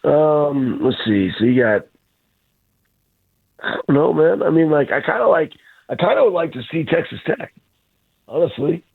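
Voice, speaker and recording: Man on a phone line, husky and blunt, a loud ranting sports guest. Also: a little high, lively intonation, normal speed, long pauses. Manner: blunt, ranting, trash-talking. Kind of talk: fired-up sports talk.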